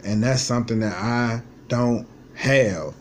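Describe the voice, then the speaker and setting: Over slight background noise, a man in his twenties delivers a personal vlog monologue at a slow pace and medium pitch. He tells his life story bluntly, swearing often and sounding frustrated.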